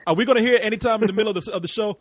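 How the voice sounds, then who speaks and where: An American man hosting a casual group podcast, loud, laughing and swearing freely. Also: sits high, rapid-fire. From United States. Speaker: podcast host.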